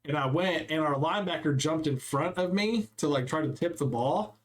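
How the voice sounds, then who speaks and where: Young man telling animated stories. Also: fairly high pitch, normal speed. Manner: animated storyteller acting out quotes. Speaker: podcast co-host. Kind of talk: casual chat.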